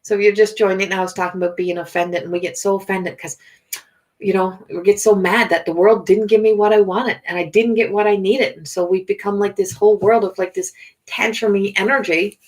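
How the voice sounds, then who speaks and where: A woman's voice: mid-range voice, fairly even intonation, brisk, a little mellow. A middle-aged woman talking casually as a spiritual healer and life coach, rambling and conversational, with many fillers. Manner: rambling, conversational, with frequent "you know" and "so". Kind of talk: casual livestream talk.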